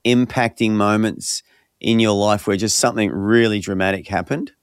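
Smooth-voiced man asking interview questions. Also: lowish voice, steady tone, normal speed, dry recording, clean studio sound. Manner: conversational, leading questions with recaps.

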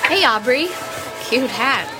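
A woman's voice: fairly high pitch, lively intonation, takes it slowly, music in the background, rough recording. An actress playing a self-assured, pushy teenage girl. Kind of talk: radio drama acting.

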